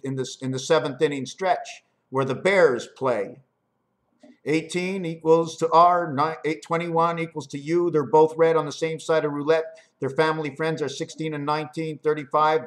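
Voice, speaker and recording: Animated man in rambling wordplay. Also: on the high side. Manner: free-associating wordplay, spelling out letters. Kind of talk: rambling monologue.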